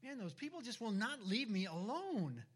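A man's voice: sits high, very animated, normal speed, voice pushed up. A preacher voicing an exasperated man who wants to be left alone, in a whiny, put-upon tone.

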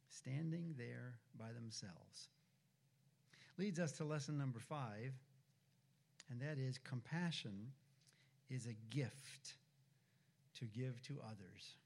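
A man preaching a sermon in a deliberate, reflective manner. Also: mid-range voice, vocal fry, a little mellow.

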